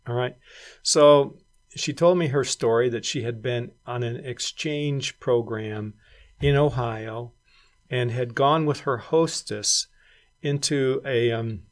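A man's voice: mid-range voice, a little slow. A middle-aged man, a former missionary and regional director, reflectively recounting his years abroad in an oral history interview. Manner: reflective storyteller who acts out quoted voices.

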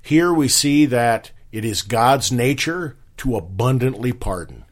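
A man hosting a talk show, questioning a pastor and expounding on scripture with frequent pauses. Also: medium pitch, lively intonation. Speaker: host.

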